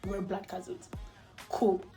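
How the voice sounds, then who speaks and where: A young South African woman telling a personal story at home in a chatty, animated way, swearing freely and losing her thread now and then. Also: mid-range voice, takes it slowly, vocal fry, soft background music. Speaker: vlogger. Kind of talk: casual storytime.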